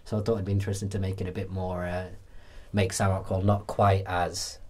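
A man's voice: deep voice, flat delivery, a little fast, a little mellow. A man hosting a film podcast, explaining his ideas in a rambling, self-deprecating way. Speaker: podcast host. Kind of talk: casual film chat.

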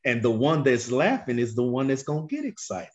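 A man teaching a Bible class, questioning his students and drawling key phrases slowly for emphasis. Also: medium pitch. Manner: animated, questions the class and waits for answers. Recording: dull lo-fi recording.

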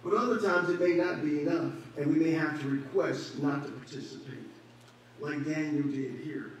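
A pastor preaches to his congregation, pushing his points with rising emphasis and asking rhetorical questions. His voice sits a little high for a man. It rings through a very echoey church hall, picked up from a distance with a faint hum underneath. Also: fairly even intonation, normal speed. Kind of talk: sermon. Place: church sanctuary.

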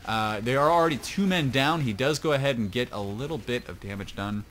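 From his home computer, an esports shoutcaster gives casual play-by-play on an online match, chatty and rambling, with self-mocking asides. His voice is medium in pitch, a bit bright and a little fast, with slight background noise.

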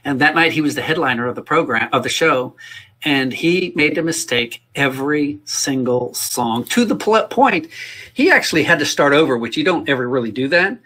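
A man with a husky, slightly rough voice leads a livestreamed workshop. He talks in an earnest, rambling way, restarting phrases and repeating words as he makes his point. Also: on the high side, lively intonation, normal speed, pushed and bright. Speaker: music teacher leading a workshop. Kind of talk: casual spoken workshop talk. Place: indoors, livestream.

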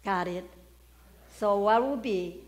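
A woman's voice: medium pitch, slow. A woman preaching a sermon, asking the congregation questions and stressing key words. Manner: questions the congregation, emphatic call-and-response.

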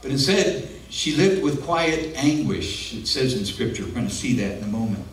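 A man's voice: medium pitch, expressive, normal speed. A man preaching a sermon as pastor, in an earnest, conversational way with personal asides, in a church. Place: church sanctuary. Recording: echoey room, mic at a distance.

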